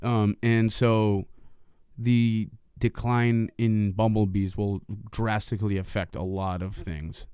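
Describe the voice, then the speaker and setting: A man's voice: on the low side, little pitch movement, takes it slowly, mellow, clear, resonant tone, no echo, clean studio sound. A man co-hosting a casual podcast, rambling with lots of ums and uhs. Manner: rambling, filler-heavy, laughs easily. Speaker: podcast co-host.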